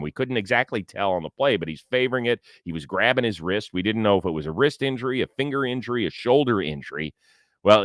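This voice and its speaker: A man's voice: lowish voice, a bit bright, no echo, clean studio sound. A middle-aged man hosting a baseball talk show, reading ads and joking with his co-host. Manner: jokey, self-deprecating. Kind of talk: casual sports talk with ad reads.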